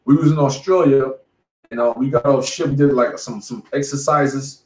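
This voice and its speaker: A man's voice: mid-range voice, fairly even intonation, normal speed, a little mellow. A man around forty teaching the bible, casually preaching and telling war stories, emphatic and profane, saying "man" after almost every phrase. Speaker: street bible teacher leading the study. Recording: echoey room.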